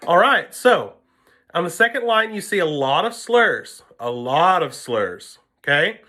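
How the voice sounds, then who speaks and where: A man's voice: a little high, very animated, a little slow, bright, forceful tone. A man giving a patient music lesson, counting beats aloud and explaining notes to his students. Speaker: string teacher. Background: violin playing.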